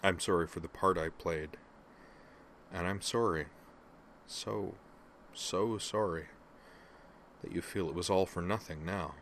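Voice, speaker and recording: A man's voice: deep voice, a little slow, pauses often, slight background noise. A man reading an earnest, rambling human man. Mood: sorrowful. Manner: lively, expansive, earnest. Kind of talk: audiobook fiction reading.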